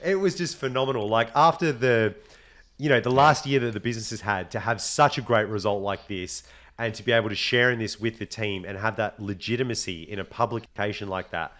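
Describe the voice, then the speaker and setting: A young adult man with an Australian accent, hosting a casual podcast chat, animated and swearing freely, with a slight cold. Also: lowish voice, a little fast. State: has a cold. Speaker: podcast host.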